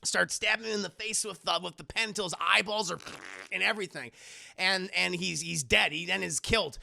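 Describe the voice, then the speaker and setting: Casting: male streamer, high, very gravelly, profane film recap. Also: brisk. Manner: profane, animated, joking.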